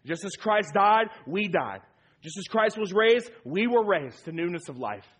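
A man's voice: high voice, lively intonation, unhurried. A man preaching a sermon as pastor, emphatic and repeating key phrases for weight.

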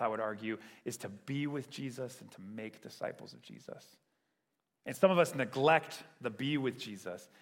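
A man's voice: medium pitch, fairly bright tone, big-room sound. A man preaching a sermon in a conversational way, often checking in with "right?". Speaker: pastor.

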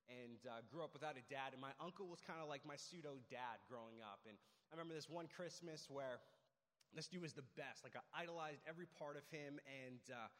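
A man's voice: mid-range voice, fairly quick, a bit bright. A young adult man preaching a casual sermon, telling personal stories with lots of "like" and "right?". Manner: casual, storytelling, frequent "like" and "right?". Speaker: pastor. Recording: long hall reverb.

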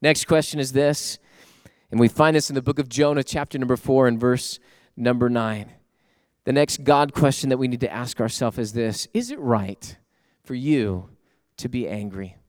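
A man preaching a sermon as pastor, swinging emphatically between loud bursts and soft, quiet stretches, speaking to listeners at home. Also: mid-range voice, moderate pace, dry recording, clean studio sound.

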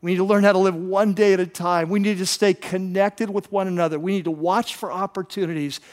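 Animated high-voiced male preacher. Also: fairly quick, in a large hall. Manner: animated, repeats words when excited. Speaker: pastor. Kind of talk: sermon storytelling.

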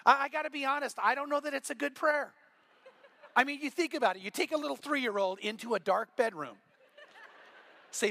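Male pastor, sermon; high bright voice, animated storyteller. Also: a little fast, long pauses. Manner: animated storytelling with acted quotes. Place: church.

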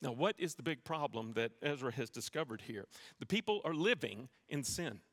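Man pastor, bright and somewhat high voice, sermon in a reverberant church. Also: expressive, moderate pace. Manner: storytelling with self-deprecating humor. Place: church sanctuary.

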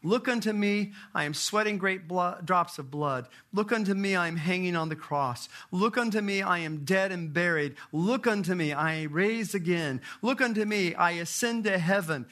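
A man acting out an old country lay preacher who shouts and repeats his plea in rustic grammar. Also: sits high, normal speed, hardly any pauses, pitched above the performer's own voice. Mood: exhorting.

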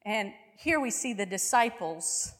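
Slow, unhurried woman preaching in a hall. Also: medium pitch, animated, fairly bright tone. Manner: vivid storytelling with frequent rhetorical questions to the listeners. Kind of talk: sermon.

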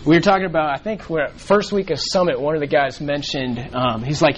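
A man's voice: fairly high pitch, fairly quick, few pauses, a little hiss or hum, poor audio. Rambling man leading a bible study. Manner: rambling, frequent fillers and restarts. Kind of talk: casual bible teaching.

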